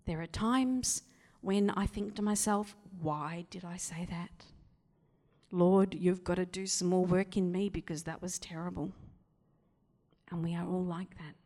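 A woman preaching a sermon, telling the story with lively acted-out voices and dropping into whispers. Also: fairly low pitch, unhurried, long reverb tail.

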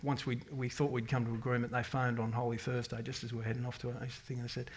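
A middle-aged man sharing a personal faith testimony with his congregation. He rambles candidly, doubling back on his words, and his pitch sits in an ordinary middle range for a man. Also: level tone, quick pace, hardly any pauses. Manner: rambling, candid storytelling with many restarts and self-quotes. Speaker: parish member giving a testimony.

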